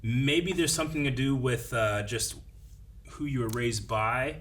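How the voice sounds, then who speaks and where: A man hosting a casual group discussion, relaxed and chatty, thinking aloud. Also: mid-range voice, unhurried, distant mic. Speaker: host.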